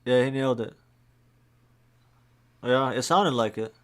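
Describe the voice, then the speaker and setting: Man, stream host, mid-pitched voice, relaxed chatty commentary, casual fillers. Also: measured pace. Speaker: reaction channel host.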